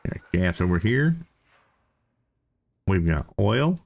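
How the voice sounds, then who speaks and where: A man's voice: on the low side, sing-song, a little slow, gravelly, pauses often, a little mellow. A man giving casual, chatty commentary as he plays a game, thinking aloud and repeating himself. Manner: playful self-talk. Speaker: let's play host.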